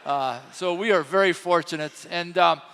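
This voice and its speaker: A man in his sixties with a light French accent preaches in a relaxed, storytelling way, full of little fillers. His voice sits a bit high for a man. It rings out with a long church-hall reverb. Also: moderate pace, gravelly, clean tone. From France. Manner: storytelling, chatty with many fillers. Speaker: co-pastor. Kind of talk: sermon. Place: church sanctuary.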